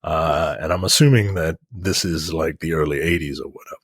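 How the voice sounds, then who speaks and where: A man's voice: rumbling low, brisk, slightly rough, no room sound. A man on a film review podcast, casually retelling scenes with profanity and acting out characters in exaggerated voices.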